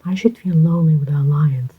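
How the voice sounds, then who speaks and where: Whispered role-play, reader doing a cool steady ex-convict, clipped, airy whisper, dull lo-fi sound. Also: mid-range voice, fairly quick, slightly rough, close to an everyday voice. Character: cold, steady male ex-convict. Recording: dull lo-fi recording.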